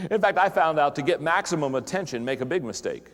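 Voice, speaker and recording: A middle-aged man, a pastor giving a humorous live talk to an audience, telling stories in an animated, self-mocking way and often repeating words. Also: on the high side, fast, long reverb tail. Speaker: pastor and leadership speaker. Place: large hall with an audience.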